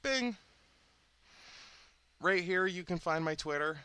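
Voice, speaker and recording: A man's voice: medium pitch, unhurried, sharp tone, clear, resonant tone, dry recording. A man hosting his own channel, chatting in a rambling, candid monologue that often stops and restarts. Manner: chatty, self-interrupting, candid. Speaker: channel host.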